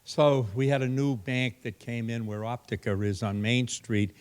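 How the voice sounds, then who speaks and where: A man's voice: medium pitch, flat delivery, normal speed, a little mellow. An older man giving a folksy, anecdotal hall of fame acceptance speech, acting out the voices of people in his stories.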